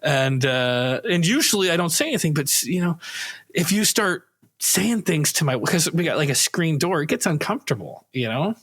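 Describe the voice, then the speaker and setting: A man's voice: a little high, big pitch swings, normal speed, fairly bright tone, slightly rough. A man co-hosting a comedy podcast, telling a rambling story and laughing through it. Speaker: podcast co-host. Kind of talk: casual storytelling.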